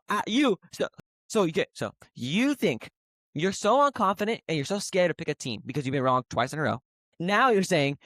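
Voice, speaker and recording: A young man with a high, quick voice argues sports picks and keeps repeating himself to cut in and tease. The sound is dry and close, with no room around it. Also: fairly bright tone, no echo. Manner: fast, repetitive, talks over the other, teasing. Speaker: podcast co-host. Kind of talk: heated casual sports debate.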